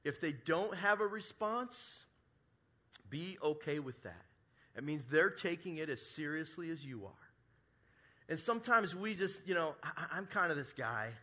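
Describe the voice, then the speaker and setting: A man preaching a sermon as pastor at a church service, acting out sample apologies and moving between loud emphasis and soft, hushed lines. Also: on the high side, expressive, unhurried. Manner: acts out quoted apologies in his own voice.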